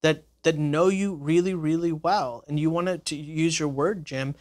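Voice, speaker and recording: A man co-hosts a podcast discussion with a somewhat higher voice for a man. He explains his points in a measured, careful way. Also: fairly even intonation, darkish tone. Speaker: co-host.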